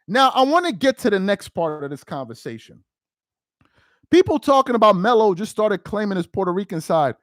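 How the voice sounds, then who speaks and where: A man's voice: high-pitched, lively intonation, brisk, fairly bright tone, no echo, studio quality. A man from New York City with a New York accent, giving emphatic live-stream commentary that repeats its points and uses street slang. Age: adult with a child.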